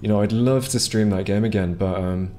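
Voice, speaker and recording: Speaking fairly quickly with fairly even intonation, a man with a warm voice on the low side provides casual gameplay commentary. He streams through a headset or desk mic, chatting loosely with viewers and often restarting or saying um.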